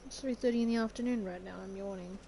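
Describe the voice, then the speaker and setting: A woman streamer talking her way through a game at an easy, everyday pitch, chatty and quick to giggle. She coaxes the game along as she talks. Game ambience and animal sounds come through clearly behind her. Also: warm tone. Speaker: gaming streamer. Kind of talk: casual gameplay commentary. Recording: noisy game audio behind.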